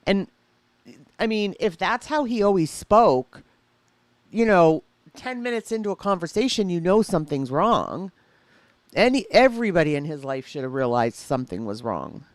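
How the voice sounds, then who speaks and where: A woman's voice: lowish voice, sing-song, moderate pace, dry recording. A woman hosting live reaction commentary, making blunt, skeptical remarks and greeting her chat. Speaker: commentary streamer reacting to a clip.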